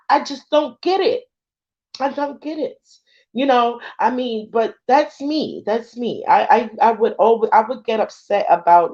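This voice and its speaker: An earnest woman reading cards in a casual livestream, voice in a middle pitch range. She talks emotionally and keeps checking whether her listeners follow her. The audio sounds dull and lo-fi. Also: darkish tone. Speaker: spiritual card reader.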